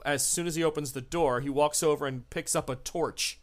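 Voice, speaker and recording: A man running a tabletop horror game as game master, narrating scenes in an unhurried, descriptive way. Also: a little high, steady tone. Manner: unhurried, descriptive, laughs with players.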